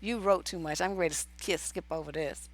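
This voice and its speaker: A woman's voice: fairly low pitch, steady tone, fast talker, no echo. A woman hosting a relationship advice livestream, reading viewer letters aloud and cutting in with blunt, casual, profane remarks.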